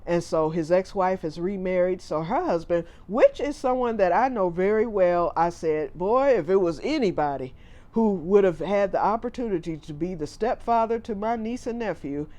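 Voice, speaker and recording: A man's voice: high voice, lively intonation, normal speed, warm tone. A middle-aged man, a family caregiver, telling a personal story in a chatty, rambling way, often retelling what people said.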